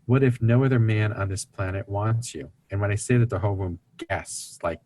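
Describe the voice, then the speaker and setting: A man's voice: on the low side, normal speed, a little mellow. A man speaking as an interview guest, explaining family dynamics in an earnest teaching tone and acting out the voices of people he quotes. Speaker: guest speaker on recovery ministry.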